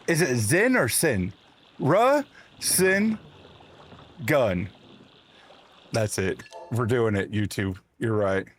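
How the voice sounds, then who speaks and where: A man hosting a live gaming stream, chatting casually with viewers and laughing at himself in a playful, animated way. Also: on the low side. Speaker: livestream host. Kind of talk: casual chat while gaming.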